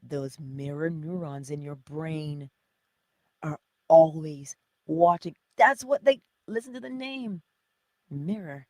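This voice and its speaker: A woman's voice: deep voice, slow pace, darkish tone, dry recording. A woman giving an inspirational morning teaching in a preacherly, conversational way, full of rhetorical questions. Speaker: spiritual teacher.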